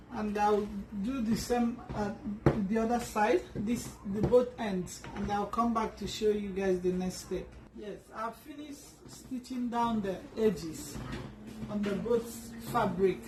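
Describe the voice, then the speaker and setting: This sewing instructor has a mid-range voice and sits well back from the mic in an echoey room with a faint hum. She walks through the tutorial at a slow, patient pace, frequently rephrasing, restarting, and filling pauses while she works.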